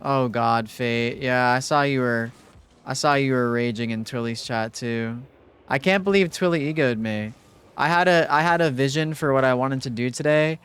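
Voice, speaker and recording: A young man streaming live, chatting casually with his viewers in a relaxed, rambling way, full of fillers. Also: medium pitch, normal speed, clean tone. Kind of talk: casual livestream chat with viewers.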